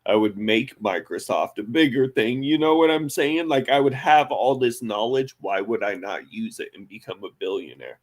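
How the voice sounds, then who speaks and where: A man's voice: mid-range voice, normal speed, few pauses. Brash, profane man hosting a podcast. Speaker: podcast host. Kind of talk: casual podcast chat.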